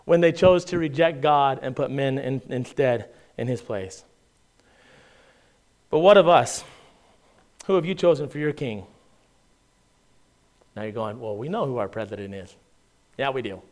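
A man's voice: medium pitch, lively intonation, unhurried, pauses often, darkish tone. A man preaching a sermon in a conversational way, reading scripture aloud and often checking in with "right?". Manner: conversational preaching with frequent "right?" asides and restarts; reads scripture aloud in King James style. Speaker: pastor.

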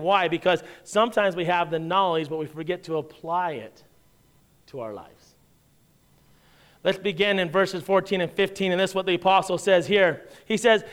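A man's voice: sits high, fairly even intonation, brisk, fairly bright tone, clean tone. A man preaching a sermon in a church, telling a family story in a conversational way with wry humor. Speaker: pastor.

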